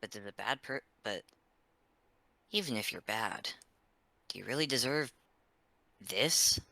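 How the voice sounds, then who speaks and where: A man's voice: fairly low pitch, expressive, a little slow, vocal fry, sharp tone, no echo. A man voicing his character in a tabletop role-play, rambling and earnest with frequent restarts. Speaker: player.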